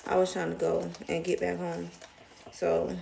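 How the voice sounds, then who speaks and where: A woman's voice: on the low side, completely flat delivery, measured pace, gravelly, background noise. A young woman with a Southern US accent, rambling emotionally in a casual storytime vlog. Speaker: vlogger.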